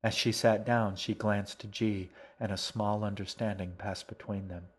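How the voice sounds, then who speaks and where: Man, audiobook narrator, lowish voice, steady, even reading. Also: moderate pace, breathy edge.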